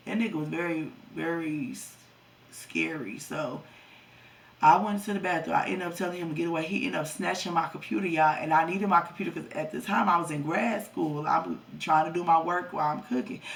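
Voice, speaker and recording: A woman's voice: low voice, creaky, recorded from a distance. A woman in her twenties telling a personal story to her viewers, blunt and heavily profane. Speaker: vlogger. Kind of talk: storytime vlog.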